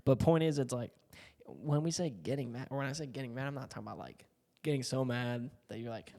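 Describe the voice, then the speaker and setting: Gravelly, slangy young man rambling. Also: medium pitch, fast talker, dark tone, big-room sound. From Puerto Rico. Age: 20s. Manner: slangy, profane, full of fillers and asides. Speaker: content creator. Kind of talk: casual rambling monologue.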